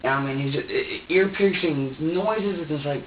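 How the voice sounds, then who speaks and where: Speaking a little slowly in a fairly high voice, a man recounts events to detectives during a police interrogation, wandering off track, repeating himself and acting out his own words. The audio comes from a far room camera, so it sounds dull and echoey, with slight background noise.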